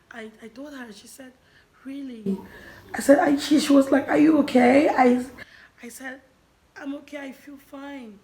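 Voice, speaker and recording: A young woman telling a personal story in her vlog, emotional and halting, often restarting and dropping to a near murmur. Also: a little high, reverberant, rough recording. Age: young adult. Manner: emotional, halting, many restarts and soft drops in volume. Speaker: vlogger.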